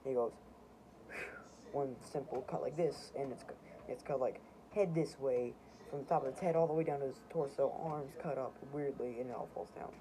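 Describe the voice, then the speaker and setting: A man's voice: medium pitch, normal speed, background noise. A man casually reading through his own homemade comics, rambling and correcting himself as he goes.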